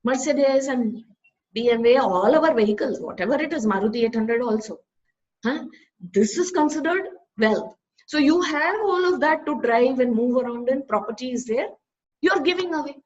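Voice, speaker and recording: A woman's voice: sits high, lively intonation, moderate pace, darkish tone, lo-fi sound. A woman with an Indian English accent giving a conversational spiritual talk as a teacher, often tagging her sentences with questions. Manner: conversational, rhetorical tag questions. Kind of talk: Vedanta scripture talk.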